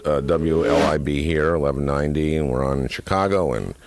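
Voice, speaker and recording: A man who writes books and hosts talk radio, a guest on a comic radio interview, telling dry, deadpan jokes with stumbling restarts. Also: extremely low pitch, fairly quick.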